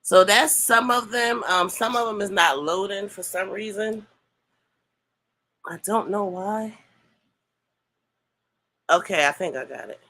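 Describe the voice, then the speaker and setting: A woman's voice: medium pitch, takes it slowly, long pauses, pushed and bright. A woman co-hosting a casual commentary show, musing as she reads viewer comments aloud and chats with her partner. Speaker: co-host of a couple's commentary channel.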